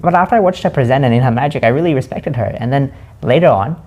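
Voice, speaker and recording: A man hosting a reflective spoken monologue, slowly musing and asking himself questions aloud. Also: mid-range voice, animated, darkish tone. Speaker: host.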